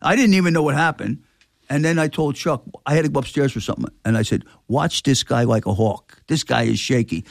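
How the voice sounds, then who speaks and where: A man's voice: medium pitch, fairly quick, vocal fry, no room sound, studio quality. An older man, a record store owner telling a story in casual chat, acting out the voices of people in it. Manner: animated, acts out quoted dialogue.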